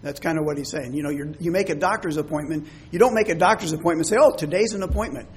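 A man's voice: on the high side, racing, husky. A man preaching a sermon, explaining scripture words with everyday examples. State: coughing, throat troubled. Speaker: pastor.

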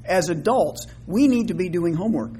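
A man preaching a sermon in an earnest way, often slowing down and rising in pitch and volume when quoting scripture. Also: lively intonation, dark tone, slight background noise. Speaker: minister.

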